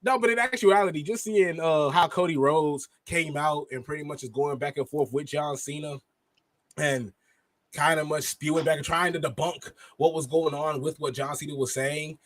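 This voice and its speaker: A man with a high voice talks casually on a podcast, co-hosting with lively energy and quick self-interruptions. The sound is dry and close, with no room behind him. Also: no echo. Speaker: podcast co-host. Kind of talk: casual wrestling reaction chat.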